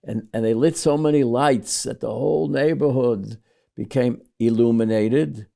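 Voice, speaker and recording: An older man, a rabbi, teaching a Talmud passage, his voice gravelly and dark. He reads the Aramaic lines and then retells them in plain English as a lively story. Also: medium pitch, measured pace. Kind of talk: Talmud lesson with translation.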